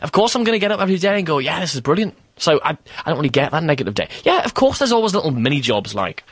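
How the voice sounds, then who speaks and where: A chirpy man talks at a fast clip, words tumbling out eagerly as he chats on a radio show. His voice sits a little high, and the studio sound is close and dry. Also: big pitch swings, fairly bright tone, no echo. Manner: chirpy, fast and chatty, laughs often. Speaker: mind reader guest. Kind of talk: live radio chat and mind-reading trick. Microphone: studio microphone.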